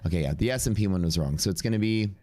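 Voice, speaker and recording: Low-voiced stuffy man thinking aloud. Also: lively intonation, very fast, darkish tone. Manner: offhand, thinking aloud while reading out numbers. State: congested with sniffles. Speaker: live-stream day trader. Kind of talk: casual live-stream commentary.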